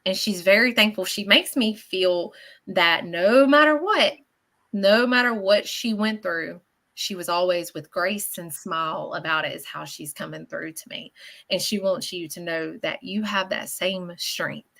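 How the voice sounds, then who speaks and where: Lady medium doing live readings, bright voice, animated, keeps saying okay?. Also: lowish voice, a little slow, gravelly. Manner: chatty and animated, often checking in with "okay?". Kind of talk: live radio show reading.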